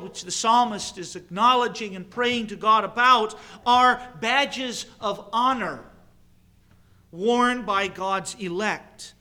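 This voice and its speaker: A man preaching a sermon in a measured, emphatic way, pausing and repeating key phrases. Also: high-pitched, bright, forceful tone. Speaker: pastor.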